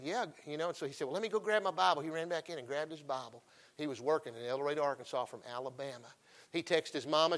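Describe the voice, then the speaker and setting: A middle-aged man preaching a folksy revival sermon, emphatic and swinging between loud calls and hushed asides. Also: mid-range voice.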